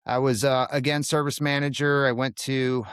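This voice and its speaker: A man talks as a podcast guest, telling stories animatedly in quick bursts that leap upward in pitch. His voice is mid-pitched. It is recorded close and dry. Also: little pitch movement, fairly bright tone, smooth, no room sound. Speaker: podcast guest, HVAC technician. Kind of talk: casual podcast chat.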